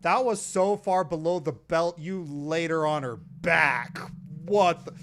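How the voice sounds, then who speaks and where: A woman hosting a let's play, reacting loudly and excitably in casual commentary. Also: lowish voice, a little slow, over a noisy crowd. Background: game music.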